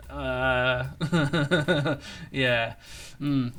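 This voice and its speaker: A man's voice: fairly high pitch, animated, moderate pace, pushed and bright, soft background music. A man ranting sarcastically in an online commentary video, with stumbling restarts. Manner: sarcastic, mocking, rambling. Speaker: political commentator.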